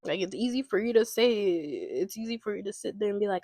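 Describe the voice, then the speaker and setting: A woman's voice: medium pitch, expressive, fairly quick, darkish tone, dry recording. A woman from America, ranting casually and emphatically in an opinion vlog, repeating her points in exasperation. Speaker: commentary vlogger. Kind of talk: casual opinion rant to camera.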